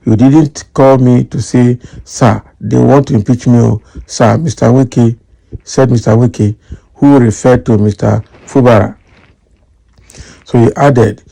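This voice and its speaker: Gravelly Nigerian man with a dark voice. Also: mid-range voice, a little slow. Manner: animated, mixes in Nigerian Pidgin. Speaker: news commentator. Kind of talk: reading news and reading out comments.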